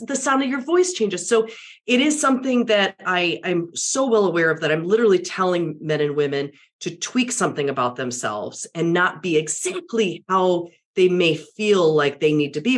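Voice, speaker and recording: A middle-aged woman, a media and public speaking coach, with a deep barky voice, talking animatedly in a casual interview. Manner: animated, self-correcting, acts out client quotes.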